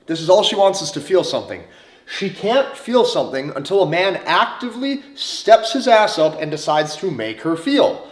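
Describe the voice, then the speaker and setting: A man giving a forceful, repetitive dating lecture, swearing freely. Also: high voice, very animated, moderate pace. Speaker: dating coach. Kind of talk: motivational lecture to camera. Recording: roomy echo.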